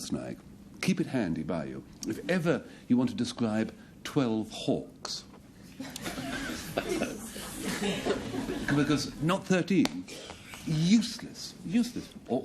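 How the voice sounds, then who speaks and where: A man's voice: mid-range voice, darkish tone, slight background noise. A man captaining a team on a panel game, joking in a playful, mock-earnest way. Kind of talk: jokey panel banter.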